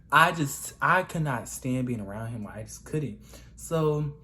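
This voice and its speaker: A young man in a casual storytime vlog, with an ordinary mid-pitched voice. He talks in a gossipy, chatty way and keeps calling the listener "girl". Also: fairly bright tone, a little hiss or hum. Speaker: vlogger.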